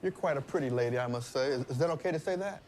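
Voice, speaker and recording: A man's voice: mid-range voice, rapid-fire, a little mellow, a little hiss or hum. A middle-aged American man, a father on a documentary, chatting flirtily and with showy self-satisfaction. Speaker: father on a family-swap documentary. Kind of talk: playful chat on camera.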